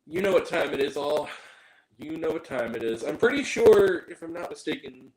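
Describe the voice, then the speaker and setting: A man hosting a casual movie review show, talking in an animated, joking way with mock-angry rants. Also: on the high side, normal speed, roomy sound, low-quality recording.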